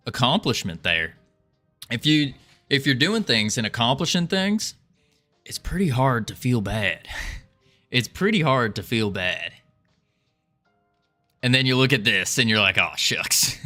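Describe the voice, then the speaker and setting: A man livestreams his game development, chatting casually in a playful, rambling way and often repeating his own phrases. His medium-pitched voice is bright and forceful.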